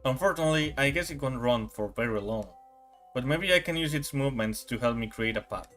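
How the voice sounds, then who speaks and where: A man's voice: mid-range voice, lively intonation, fairly quick, fairly bright tone, faint music behind. A young man streaming a game playthrough, reading narration and adding casual, jokey asides.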